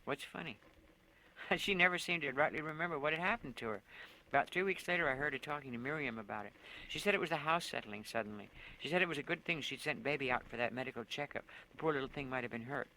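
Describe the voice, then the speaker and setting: A man's voice: medium pitch, fast talker, sharp tone, slight background noise, low-quality recording. A man reading his own fiction aloud in plain storytelling, through a tough teenage narrator's voice.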